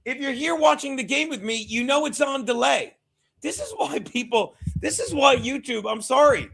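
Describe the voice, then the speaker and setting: A man with a fairly high voice hosts a casual live stream of a football game. He talks straight to his chat, laughing, swearing and now and then yelling at a viewer. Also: expressive, moderate pace, vocal fry, breathy edge. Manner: loud, swears freely, shouts at chat, laughs often.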